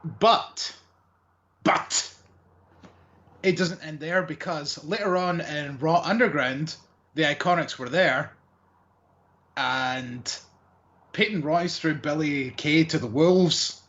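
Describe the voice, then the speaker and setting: A man's voice: fairly high pitch, slow pace, fairly bright tone, muffled recording. A man co-hosting a wrestling podcast, recapping matches in a casual, rambling way with lots of fillers. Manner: rambling, hesitant with many fillers.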